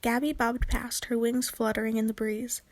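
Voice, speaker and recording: A woman's voice: a little high, flat delivery, normal speed, dry recording. Woman reading a children's storybook. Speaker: narrator. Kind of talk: children's book read-aloud.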